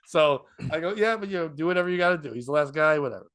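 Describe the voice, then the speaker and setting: Animated man telling a story. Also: on the high side, rapid-fire, few pauses, smooth. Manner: animated, laughs through his story, acts out other people's lines; swears freely. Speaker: comedian and podcast host. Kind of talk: casual storytelling chat.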